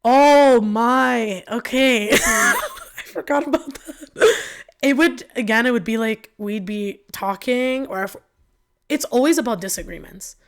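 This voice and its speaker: A woman guest on a podcast telling her own story frankly, in an animated way with many fillers. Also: on the high side, slow pace. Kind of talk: candid personal storytelling.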